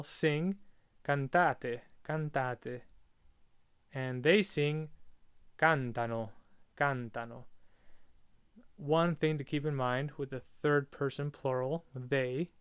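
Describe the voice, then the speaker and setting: A man talking through a recorded grammar lesson in a relaxed, chatty way, repeating each word form twice. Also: medium pitch, clean tone, no echo. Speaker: language teacher.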